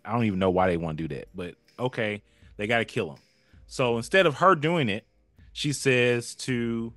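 A man as a podcast guest, recapping a story in a lively way and acting out what characters said. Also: mid-range voice, dry recording. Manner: lively storytelling that acts out characters' lines, laughs often. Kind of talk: casual chat.

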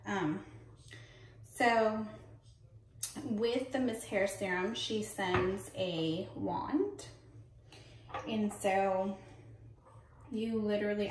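A pregnant young woman talks through her nightly routine at an unhurried pace, correcting herself as she goes and leaning on filler words. Her voice sits a little back from the mic in a room with some echo, and a faint hum of ambience runs underneath. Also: medium pitch, fairly even intonation. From Texas. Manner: chatty with frequent ums, self-correcting. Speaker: vlogger. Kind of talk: casual product walkthrough. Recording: roomy, mic at a distance.

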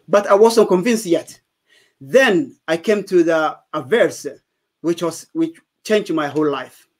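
Earnest man, slightly high. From Somalia. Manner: earnest, emphatic storytelling. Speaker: guest giving testimony. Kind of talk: personal testimony.

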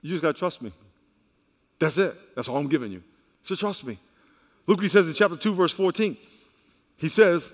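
A middle-aged man, a pastor, preaching a sermon with lively swings between loud and hushed delivery. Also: high-pitched, moderate pace, pauses often. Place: large church hall. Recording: reverberant church hall.

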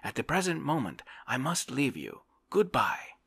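A man's voice: low-pitched, big pitch swings, normal speed, sharp tone, breathy edge, dry recording, heavily acted. A man voicing a busy, chatty young male socialite in a whispered role-play, eagerly listing his plans.

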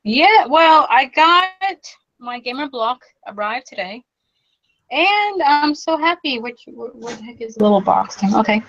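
A woman's voice: on the high side, a bit bright, dull audio. A woman co-hosting a podcast, chatting in a bubbly, casual way about her game pickups. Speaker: podcast co-host. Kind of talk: casual chat.

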